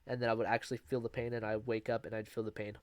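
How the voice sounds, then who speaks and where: A man's voice: mid-range voice, flat delivery, very fast, dry recording. Keep it loose and rambling, a young man telling his own story in a dry, close room. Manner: rambling, with fillers and restarts, laughing at himself. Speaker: vlogger. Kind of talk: casual storytelling.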